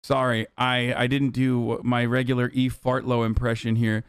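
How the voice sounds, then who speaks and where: A man's voice: mid-range voice, flat delivery, moderate pace, few pauses, clear, resonant tone, no echo, clean studio sound. A young man streaming heated, profane political commentary, full of fillers and swearing. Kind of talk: casual ranting commentary.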